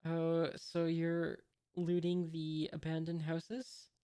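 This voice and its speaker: A woman reading a carefree young male pirate captain's lines aloud, barely changing her own low, flat voice. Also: takes it slowly, smooth. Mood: easygoing.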